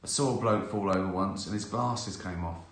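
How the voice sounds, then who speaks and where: Middle-aged guy rambling on a live stream, bright voice, lots of laughs, roomy echo. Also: sits low, fairly quick. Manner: chatty, laughs often, acts out little scenes. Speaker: host answering viewer questions. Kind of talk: casual live-stream chat.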